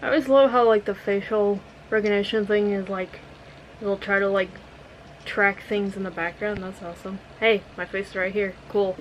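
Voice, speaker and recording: A woman's voice: mid-range voice, fairly even intonation, slight background noise, rough recording. A woman vlogging casually at home into her camera, rambling and candid, sometimes cooing to her cats. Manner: rambling, candid, slow and tired. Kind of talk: casual vlog chat. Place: at home, indoors. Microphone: handheld vlogging camera mic.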